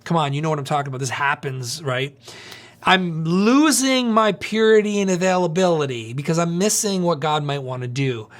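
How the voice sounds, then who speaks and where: Brief: male pastor, high-pitched voice, lively storytelling sermon with chatty asides to the audience. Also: moderate pace. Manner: animated, conversational, asks the audience questions.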